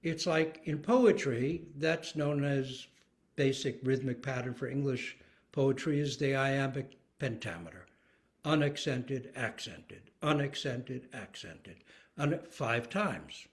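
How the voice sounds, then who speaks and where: An older man teaching the art of storytelling in an expressive, emphatic way, speaking in halting phrases broken by sudden vocal bursts. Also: mid-range voice. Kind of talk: teaching talk.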